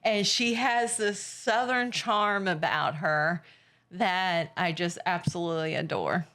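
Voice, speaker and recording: A woman from Ohio, a podcast guest in casual chat, telling stories in a lively way with some casual swearing. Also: lowish voice, slow pace.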